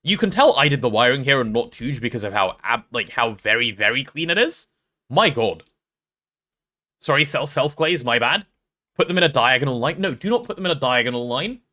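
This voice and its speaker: A young English man casually chatting on a gameplay livestream, reading chat aloud and joking, quick to apologize. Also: mid-range voice, animated, bright, forceful tone. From England.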